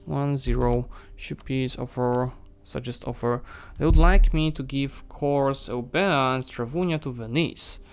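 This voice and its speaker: A man streaming a strategy game, thinking aloud and chatting to the nations and armies on screen, his voice going hoarse. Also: medium pitch, a little slow, hardly any pauses. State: losing his voice. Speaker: gaming streamer. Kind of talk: live strategy game commentary.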